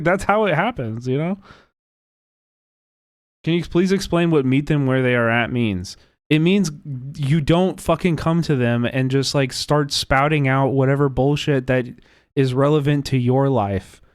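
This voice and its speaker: A man hosting a livestream, talking casually in an animated, profane, rambling way with many restarts. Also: fairly high pitch, dry recording, clean studio sound. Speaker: livestream host. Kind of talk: casual reaction chat.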